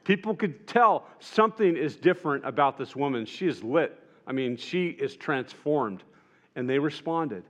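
A man preaching a sermon in an earnest way, rising to emphatic peaks and dropping soft and tender at moments. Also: a little high, lively intonation, normal speed, lo-fi sound. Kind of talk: sermon retelling gospel scenes.

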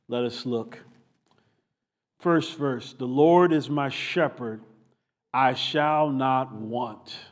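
A man preaching a sermon, with animated rising and falling emphasis. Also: on the high side. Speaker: pastor.

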